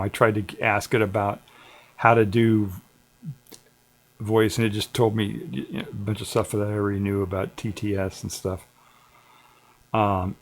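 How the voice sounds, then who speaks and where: Laid-back rambling man, lowish voice. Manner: digressive, laid-back, chuckling often. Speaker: livestream host. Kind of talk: casual rambling livestream chat.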